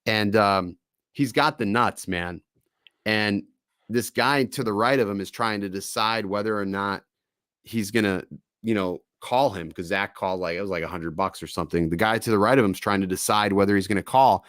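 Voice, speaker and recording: A man hosting a casual live-stream chat, telling stories in a loose, profane, animated way. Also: lowish voice, moderate pace, no room sound, clean studio sound. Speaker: podcast host.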